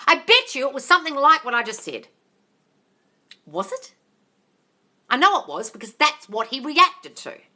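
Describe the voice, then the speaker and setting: Woman, fairly high, very bright tone, live-stream coaching chat, blunt and sweary. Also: big pitch swings, moderate pace, pauses often. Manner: blunt and sweary, calls viewers darling. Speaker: manifesting coach hosting a live Q&A. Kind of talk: casual live-stream chat reading comments.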